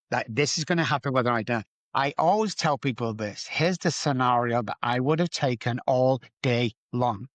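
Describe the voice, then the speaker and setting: A man's voice: fairly bright tone, no room sound. Emphatic man telling a recovery story. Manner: emphatic, repetitive, rises in pitch for stress. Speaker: guest, addiction recovery doctor. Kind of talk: candid interview storytelling.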